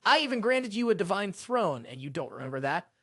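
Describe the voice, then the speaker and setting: Proud, indignant sun god, read by a male narrator; high and animated. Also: fairly quick, dry recording, clean studio sound, heavily acted. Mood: angry. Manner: indignant, ranting.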